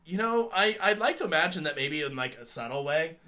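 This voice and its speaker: A man's voice: a little high, lively intonation, fairly quick, pushed and bright. A man in his thirties co-hosting a casual chat show, rambling and joking with frequent laughs. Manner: rambling, jokey, laughs often. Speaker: podcast co-host.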